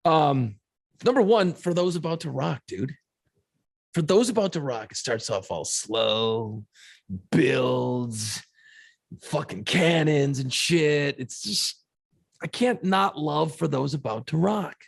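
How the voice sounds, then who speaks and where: A man's voice: fairly high pitch, takes it slowly, gravelly. A man co-hosting a podcast, chatting casually and swearing freely while he tells stories. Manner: profane, animated storyteller. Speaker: podcast co-host. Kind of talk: casual chat.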